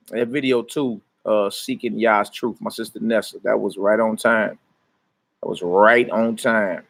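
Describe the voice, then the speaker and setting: A man teaching scripture in a casual livestream sermon, talking to his viewers in relaxed street slang and greeting them by name. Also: on the low side.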